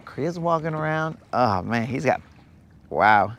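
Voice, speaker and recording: A man's voice: mid-range voice, expressive, fairly bright tone, muffled recording, slight background noise. A young man hosting a live fishing stream, chatting casually in a rambling, joking way from a boat on a lake. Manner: rambling, joking, slow-paced. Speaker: fishing livestream host.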